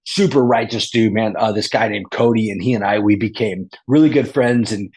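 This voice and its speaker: Husky man telling a rambling story. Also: lowish voice, normal speed, darkish tone. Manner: rambling, repeats and restarts, surfer-like slang. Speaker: guest. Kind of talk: casual storytelling.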